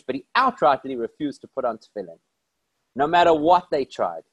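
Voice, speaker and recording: A man speaking as a rabbi, telling stories in an animated, emphatic way and asking rhetorical questions. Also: medium pitch, moderate pace, breathy edge, no echo. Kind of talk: inspirational storytelling talk.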